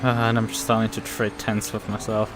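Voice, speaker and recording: A man's voice: on the low side, completely flat delivery, normal speed. A man giving live commentary on his own racing, talking to himself, frustrated and swearing often. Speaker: sim racing streamer. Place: home racing rig. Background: music.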